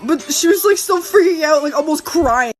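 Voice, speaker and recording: A woman telling a casual storytime in an animated, giggly way. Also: high-pitched, moderate pace, soft background music.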